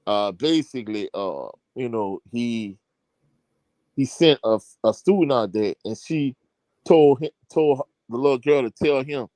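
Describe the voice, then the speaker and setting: A man, a high school coach, telling a long sports anecdote in casual chat with slang and many fillers. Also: unhurried, a little mellow, no echo. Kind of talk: casual podcast storytelling.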